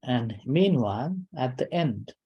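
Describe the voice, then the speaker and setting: A man giving a calm dharma talk as a meditation teacher, in short, unhurried phrases with pauses between them. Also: mid-range voice, breathy edge, highs cut off.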